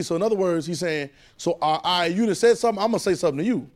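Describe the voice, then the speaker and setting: Man, preacher, sermon, call-and-response, repetitive, loud then hushed, higher-pitched voice. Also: rapid-fire. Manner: call-and-response, repeating phrases, swinging between loud and hushed.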